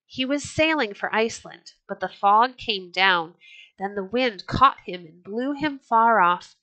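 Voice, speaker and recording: Lady reading a loud jolly viking chief, red beard, quick temper, bright clear voice. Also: medium pitch, animated, no room sound, low-quality recording. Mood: rousing. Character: bold red-bearded Viking chieftain, man, hot-tempered yet jovial.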